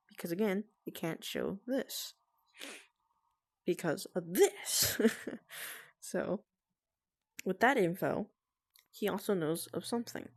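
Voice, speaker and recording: A woman vlogging from home, keeping her voice hushed and careful so family nearby won't hear. Her tone sits a little low, with a gravelly fry running through it and nervous little laughs. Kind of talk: casual explainer talk to friends.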